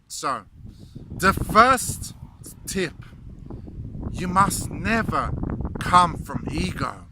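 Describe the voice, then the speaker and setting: An earnest male motivational speaker who tells a story and stresses his points emphatically. He speaks slowly with a fairly high voice. Wind and passing traffic are clear behind him. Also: animated, bright, forceful tone, rough recording.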